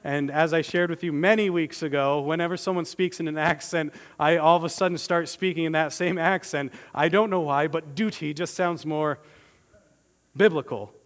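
An earnest male pastor delivers a sermon in a slightly high voice, leaning hard on key words and stretching them out. He often repeats himself as he builds a point. His voice rings with the long reverb of a church hall. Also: steady tone, a little fast, hardly any pauses, fairly bright tone.

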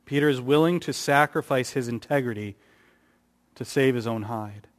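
A man preaching a sermon, who raises his voice for emphasis and acts out the quotes he reads. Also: moderate pace. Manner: rises in pitch and volume for emphasis, acts out quotes. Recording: long hall reverb.

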